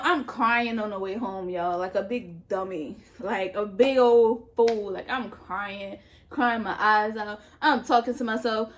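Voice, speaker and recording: A young woman, a touch high in pitch, tells a personal story to her viewers while eating. She talks casually with plenty of slang and laughs at her own mistakes. The delivery is loose and candid, recorded at home. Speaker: vlogger.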